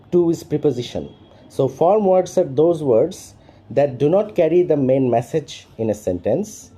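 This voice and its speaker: A man's voice: mid-range voice, dark tone, slightly rough. A middle-aged man teaching an English lesson, repeating his points and often checking that listeners understand. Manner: repetitive, keeps checking understanding. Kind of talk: spoken lesson.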